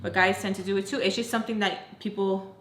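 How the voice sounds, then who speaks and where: A young woman telling a personal story to her viewers in a chatty, animated way, full of fillers and acted-out quotes. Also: mid-range voice, fast, echoey room, slight background noise. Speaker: storytime vlogger. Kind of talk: casual storytelling.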